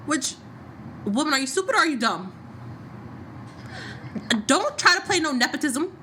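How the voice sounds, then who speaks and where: A woman co-hosting a podcast, recapping a soap opera in casual chat with sassy, animated retelling. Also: high-pitched, moderate pace, slight background noise. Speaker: podcast co-host.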